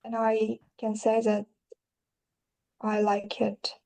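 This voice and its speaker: Non-native female candidate, slow halting answers, mellow raised voice, video call. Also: on the high side, monotone, creaky, poor audio. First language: not English. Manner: hesitant, halting basic English. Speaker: IELTS candidate. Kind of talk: answering test questions.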